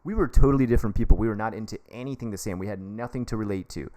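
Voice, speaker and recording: Low-voiced guy on a livestream, rambling casual advice, keeps getting excited over donations. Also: racing. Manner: chatty, breaks off excitedly to thank donors. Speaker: livestream host giving advice. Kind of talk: casual live-stream advice chat.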